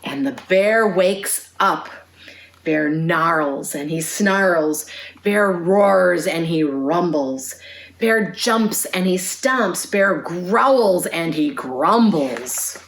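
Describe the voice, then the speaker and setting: Slow, expressive woman reading a storybook aloud. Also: on the low side. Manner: slow, expressive read-aloud with sing-along songs. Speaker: youth librarian.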